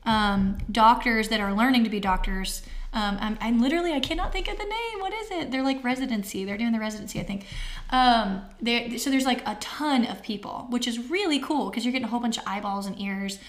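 A woman's voice: a little high, a little fast. A woman in her thirties telling a personal story as an interview guest, candid and heartfelt, with many fillers. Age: 30s.

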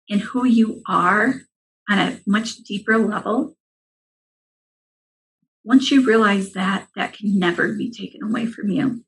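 Guest coach, woman, mid-pitched, earnest and reassuring, steady advice-giving. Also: rough recording. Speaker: money mindset coach, guest.

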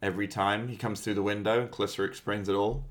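Deep-voiced English woman hosting a podcast. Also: fairly even intonation, fast talker. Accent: English with a slight Californian twang. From England. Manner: teasing, chatty. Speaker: podcast host. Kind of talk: casual chat.

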